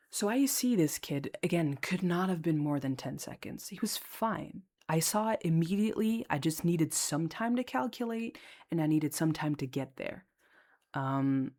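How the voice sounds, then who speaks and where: A young adult audio creator and lifeguard chatting casually, telling a story in a rambling, animated way. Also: mid-range voice.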